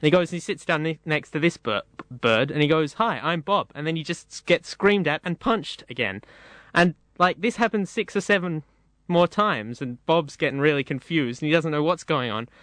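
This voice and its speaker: Man, casual joke-teller, rambling and animated, slightly high, dry studio sound. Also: normal speed, no echo. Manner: rambling, animated storytelling with voiced bits. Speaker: panelist telling a joke.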